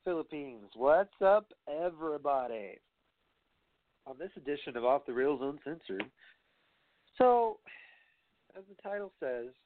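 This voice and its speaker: A man's voice: mid-range voice, no room sound. A young man hosting a casual wrestling podcast, rambling and profane with playful asides. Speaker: podcast host. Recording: tinny phone-like sound, dry.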